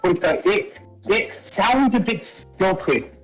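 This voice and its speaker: A man co-hosting a casual podcast, talking haltingly with many pauses and filler words. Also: high voice, lively intonation, soft background music, low-quality recording. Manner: halting, full of fillers and restarts. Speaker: podcast co-host. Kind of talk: casual conversation.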